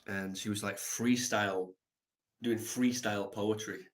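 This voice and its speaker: A man live streaming, telling a reflective story in a soft, halting way with many pauses. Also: fairly low pitch, steady tone.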